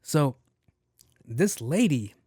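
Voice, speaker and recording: A man hosting his own podcast, telling a comic story in a profane, animated rant and acting out what other people said. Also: on the high side, drawn-out words, husky, dry recording, clean studio sound. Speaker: podcast host. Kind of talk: solo comedic storytelling rant.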